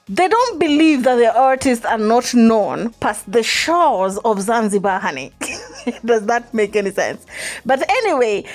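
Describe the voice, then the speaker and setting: Female vlog host with a slightly high, animated voice, playful and chatty. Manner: playful, calls listeners honey, laughs often. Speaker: reaction vlogger and translator. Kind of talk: chatty commentary.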